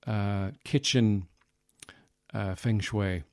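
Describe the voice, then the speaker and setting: Low-voiced podcast host rambling. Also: male voice, steady tone, drawn-out words, a little mellow, no room sound, clean studio sound. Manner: meandering, self-mocking, full of fillers. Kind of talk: rambling comic monologue.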